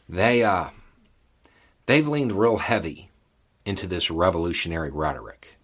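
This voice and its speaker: A man with a very deep, husky voice talks through the news in a folksy, conversational way. He leans on repeated phrases for emphasis and keeps an easygoing commentator's tone. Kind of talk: casual political commentary.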